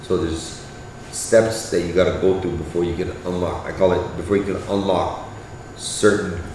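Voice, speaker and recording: Low-voiced and level in tone, a man from Canada talks at a moderate pace in a casual conversation. He's profane and direct, repeatedly checking "you get what I'm saying." Background noise is present, and he sounds echoey, far from the mic.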